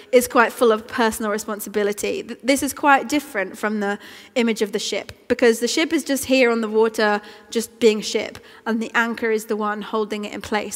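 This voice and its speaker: Earnest woman preaching in a church. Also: fairly high pitch. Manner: earnest and conversational, with small restarts. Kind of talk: sermon. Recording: long church reverb.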